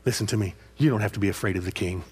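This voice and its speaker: A husky-voiced man preaching with rising passion. He circles back over his own phrases and keeps checking in with his listeners by asking "huh?" after each point. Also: lowish voice, very fast. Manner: impassioned, repeats phrases and prods listeners with "huh?". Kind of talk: sermon.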